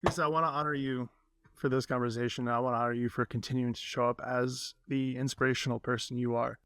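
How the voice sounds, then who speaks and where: A man's voice: mid-range voice, flat delivery, fast, no room sound. Earnest male podcast host, dry sound. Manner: earnest, warm-hearted, many fillers. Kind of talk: casual interview chat.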